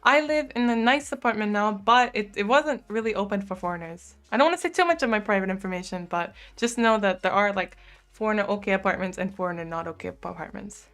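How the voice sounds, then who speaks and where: A woman's voice: medium pitch, quick pace, a bit bright. Chatty young American woman streamer. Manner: chatty, fills speech with "like", laughs often. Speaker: live streamer. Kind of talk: casual chat, reading out viewer comments. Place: home streaming room.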